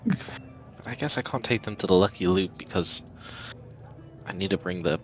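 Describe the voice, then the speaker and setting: A man takes part as a player in a tabletop role-playing session. His voice sits fairly low, and he talks in a hesitant, casual way, pausing and restarting often. Faint music runs underneath. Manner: hesitant, with many fillers and restarts. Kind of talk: casual tabletop game talk.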